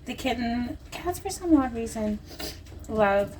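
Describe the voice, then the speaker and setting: A woman vlogger chats to camera at home, selling nail strips while rambling and joking. Her voice sits on the high side, animated yet slow-paced, with a darkish tone. A distant mic picks up clear background noise.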